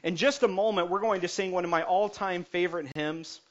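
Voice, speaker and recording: High-pitched guy preaching in church, loud then soft, cracks jokes, kinda muffled recording. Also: brisk. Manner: energetic preaching with swings between loud and soft; jokes with the congregation. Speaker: pastor. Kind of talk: sermon. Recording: dull lo-fi recording.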